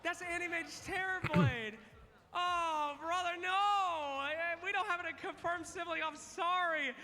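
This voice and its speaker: A man's voice: extremely high pitch, steady tone, measured pace, bright, forceful tone. A man hosting a live trivia contest on stage, playful and teasing as he counts down answers. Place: large event hall. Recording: long arena reverb.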